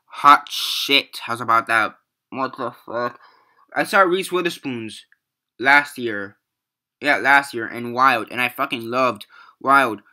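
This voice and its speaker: A man's voice: mid-range voice, pushed and bright. A young man casually reviewing movies in a rambling, profane, exasperated rant.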